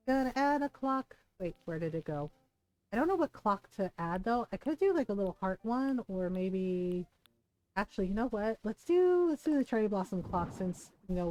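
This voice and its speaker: Woman streamer, mellow and chatty, casual rambling gameplay talk, faint music behind. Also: medium pitch.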